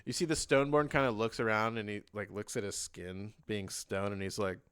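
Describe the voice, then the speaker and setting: A man narrating a tabletop game as game master, in an animated way with lots of fillers. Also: lowish voice, fairly quick, smooth. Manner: animated, laughing, filler-heavy.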